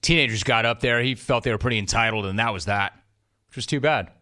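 A man's voice: medium pitch, quick pace, sharp tone. A man hosting a talk radio show, chatting wryly and reading listener messages. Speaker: radio sports talk host.

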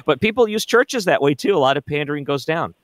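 A man hosting a late-night radio talk show, relaxed and conversational with frequent fillers. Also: on the high side, fast talker, dry recording. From Missouri. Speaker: radio host. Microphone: studio mic.

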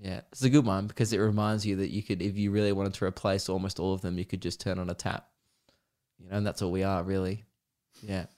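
A man's voice: low voice, level tone, quick pace, darkish tone. A young Australian man hosting a comedy podcast, rambling casually, swearing freely and cracking himself up. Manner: swears freely, self-amused, breaks into laughter.

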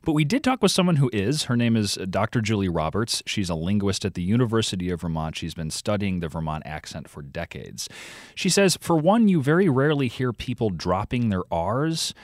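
A man's voice: fairly low pitch, very animated, a little fast, no room sound, clean studio sound. A man from outside Chicago, a podcast co-host answering interview questions in a chatty, explanatory way.

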